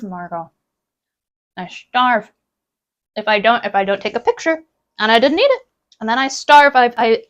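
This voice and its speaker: A woman's voice: mid-range voice, a bit bright. A young woman chatting casually with her stream from home while she cooks and eats brunch, bubbly and laughing often. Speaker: live streamer.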